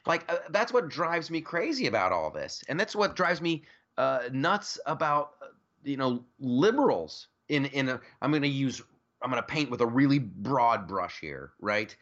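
A man's voice: medium pitch, sing-song, moderate pace, fairly bright tone, muffled recording. A man hosting a podcast, talking politics in a joking, rambling way with lots of restarts. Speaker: podcast host. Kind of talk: casual political chat.

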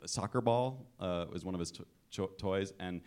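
A man's voice: deep voice, moderate pace, darkish tone, clear, resonant tone. Laughing man telling a pet story. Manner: self-deprecating, laughing storyteller. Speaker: panelist. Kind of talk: casual chat.

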